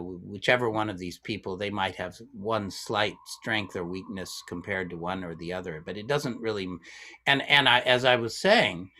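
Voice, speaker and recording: A man's voice: lowish voice, sharp tone. A man in his fifties, a guest violinist, explaining ideas in a casual discussion, thoughtful and rambling with frequent restarts.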